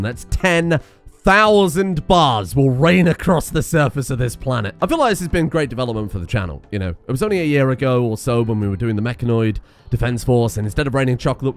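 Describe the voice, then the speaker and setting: Excitable man commentating a game. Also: medium pitch, a little fast, soft background music. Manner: excitable, laughs and exclaims in bursts. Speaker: gaming video host. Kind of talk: casual gameplay commentary.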